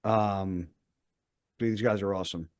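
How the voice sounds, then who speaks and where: A man's voice: low voice, fairly even intonation, measured pace. A man in his thirties, a podcast host, telling a rambling story in casual chat and swearing often.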